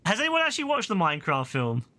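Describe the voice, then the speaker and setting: A man streaming a game live, chatting to his viewers in an excitable, slangy way and swearing casually. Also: sits high, fast talker.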